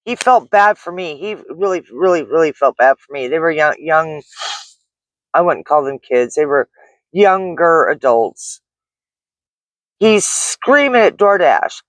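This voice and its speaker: A middle-aged woman who drives deliveries recounts a frightening experience in a vlog, her shaken, rambling story full of restarts and fillers. Her voice is low-pitched with lively intonation at a measured pace, and the recording is dry.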